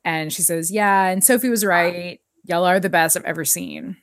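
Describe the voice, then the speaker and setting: A woman's voice: lowish voice, steady tone, moderate pace, dry recording, clean studio sound. A woman co-hosting a casual podcast, chatting with lots of fillers, recapping a TV episode and reading an article aloud. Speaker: podcast co-host.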